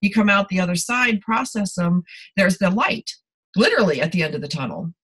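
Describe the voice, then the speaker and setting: A woman's voice: medium pitch, big pitch swings, a little fast, husky, rough recording. A middle-aged woman in casual conversation, telling personal stories candidly in a confiding way. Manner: candid storytelling, warm confiding tone.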